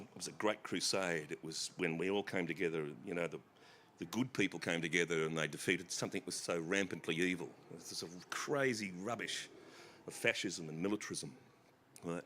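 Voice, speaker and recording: A middle-aged Australian man telling family stories as an author guest on a festival stage, animated and laughing. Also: sits low, brisk, a little hiss or hum. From South East Queensland, Australia. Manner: animated, bursts into shouted impressions and laughter.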